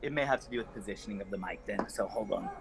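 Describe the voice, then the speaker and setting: Male game master, throat scratchy, stop-start delivery, lowish voice. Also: creaky. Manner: halting, uneven in speed and volume. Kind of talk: running an online tabletop game.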